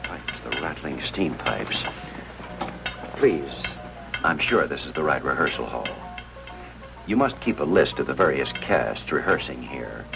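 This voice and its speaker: An actor playing an earnest, persistent hospital chaplain who questions people gently, in a 1950s TV drama. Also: male voice, extremely low pitch, expressive, unhurried, creaky, long pauses, heavily acted, low-quality recording. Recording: 1950s TV soundtrack with music underneath.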